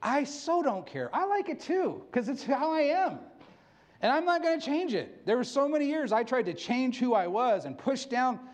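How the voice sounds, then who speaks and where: A man's voice: extremely high pitch, very animated, moderate pace. A middle-aged man preaching a sermon, candid and self-mocking, laughing often. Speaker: pastor.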